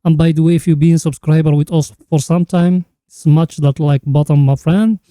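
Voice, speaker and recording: Here a crypto chart analyst guides viewers through market charts in an earnest, teaching manner, calling them friend and returning to the same catchphrases again and again. The voice is on the high side and warm, with a steady tone, moderate pace, and no echo.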